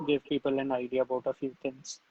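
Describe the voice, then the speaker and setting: A man's voice: medium pitch, completely flat delivery, fast, no echo, phone-quality sound. A man in casual chat, hesitantly prompting the other speaker with many fillers.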